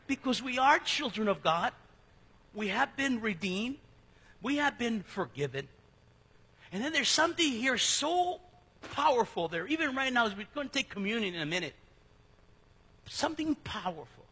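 A middle-aged man preaching a sermon as pastor in a church, talking in a casual, joking way with sudden drops to a hush. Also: very high voice, big pitch swings, normal speed, pauses often, breathy edge. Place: church sanctuary. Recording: long hall reverb.

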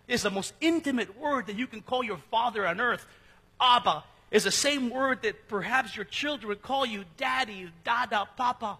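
A middle-aged pastor preaches from the pulpit in a high, bright, slightly husky voice. His sermon style is conversational and jokey, dropping suddenly into a hush. The long reverb of a church sanctuary hangs around every word.

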